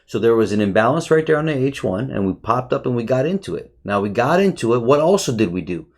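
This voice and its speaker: A man giving a casual, excitable chart review for viewers, swearing often and calling them bro. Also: medium pitch, fast. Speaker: trading educator.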